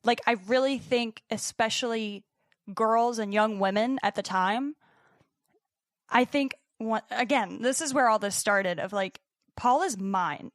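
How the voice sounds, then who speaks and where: A young woman co-hosting a podcast, telling a story in partly scripted narration with dramatic pauses and casual swearing. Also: on the high side, no room sound, studio quality. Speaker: podcast co-host.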